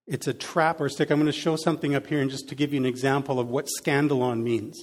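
A man preaching a sermon in a conversational way, adding lively sound effects to his examples. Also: medium pitch, fast. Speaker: pastor. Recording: long hall reverb.

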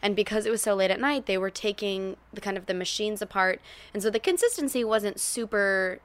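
A woman telling shared memories in a casual, animated way, laughing often and swearing now and then, close to a podcast microphone. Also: mid-range voice, fairly quick, clear, resonant tone. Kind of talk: casual chat.

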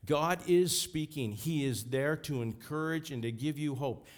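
A man's voice: on the high side, measured pace. A man preaching a sermon as pastor, fervent and emphatic.

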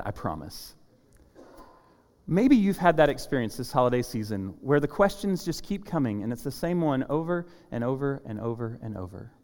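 A man's voice: fairly high pitch, darkish tone. A man in his thirties, a pastor giving a sermon in a conversational, self-deprecating storytelling manner. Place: church sanctuary. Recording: long reverb of a hall.

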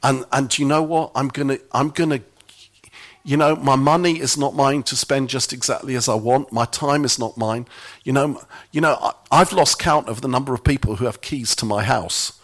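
Brief: middle-aged man, church speaker, wry self-mocking storyteller, mid-pitched voice. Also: moderate pace, a bit bright. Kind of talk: anecdotal sermon talk.

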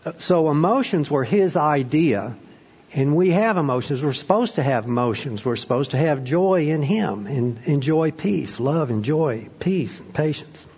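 Pastor preaching in a reverberant hall. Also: male voice, a little high, measured pace, husky, muffled recording. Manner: prayerful then animated storytelling, frequent fillers. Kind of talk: sermon.

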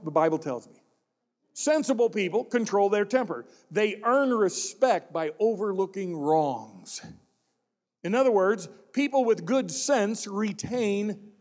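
With a high, slightly mellow male voice, a pastor preaches in a church sanctuary where long hall reverb rings out. He is emphatic, repeating key phrases and posing rhetorical questions to the congregation.

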